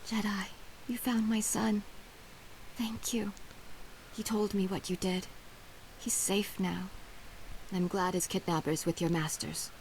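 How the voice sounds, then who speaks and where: A woman's voice: mid-range voice, fairly even intonation, slow, long pauses, a little mellow, a little hiss or hum, low-quality recording. An actress voicing a grateful mother of a rescued son in a video game, speaking with earnest solemnity.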